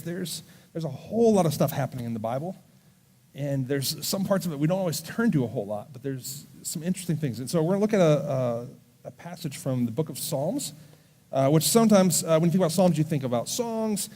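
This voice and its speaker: A male youth pastor with a mellow, warm voice preaching to students in a church service. His delivery is earnest and gentle, and he slows down when he reads scripture. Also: on the high side, expressive. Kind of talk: sermon to a student audience.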